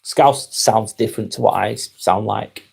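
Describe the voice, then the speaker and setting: A man with a Lancashire accent hosting a live stream, reading viewer comments aloud and talking in a gentle, reflective way. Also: fairly low pitch, normal speed, creaky, breathy edge. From Northwest England.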